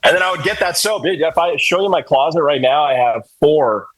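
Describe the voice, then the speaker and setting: A man's voice: on the high side, a little fast, a bit bright, low-quality recording. A man from New Hampshire, a podcast guest, telling casual stories in a laid-back way, swearing freely, with lots of fillers. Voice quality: husky. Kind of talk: casual storytelling.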